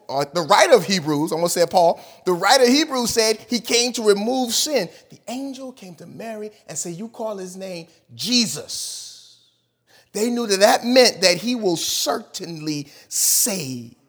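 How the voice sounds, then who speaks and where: A man's voice: high-pitched, fairly bright tone. A male pastor preaching a sermon, emphatic, repeating key words and putting questions to his congregation.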